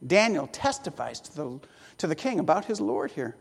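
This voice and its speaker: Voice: medium pitch, expressive, brisk, vocal fry. A preacher delivering a sermon, telling a story with rhetorical questions and wry asides. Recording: long hall reverb.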